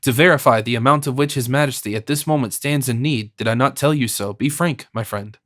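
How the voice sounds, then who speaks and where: A sardonic old-world cardinal speaks from his sickbed in a hoarse, scornful voice, put on by a male audiobook reader. He meets every plea with irony and cold calculation. The recording is dry, with no room sound. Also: medium pitch, a little fast, fairly bright tone, dry recording, lightly acted. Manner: ironic, disdainful.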